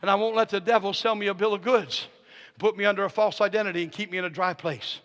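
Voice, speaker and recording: A man preaching a charismatic sermon as guest speaker, swinging from hushed talk to shouted declarations and telling stories with quoted dialogue. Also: high-pitched, fairly even intonation, fast. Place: church sanctuary. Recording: long hall reverb of a church.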